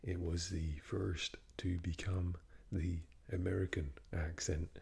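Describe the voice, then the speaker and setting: A man giving a whispered ASMR talk, speaking in a soft unvoiced whisper, an unhurried explainer who often doubts himself. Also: deep voice, flat delivery, gravelly, breathy edge. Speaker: ASMR creator.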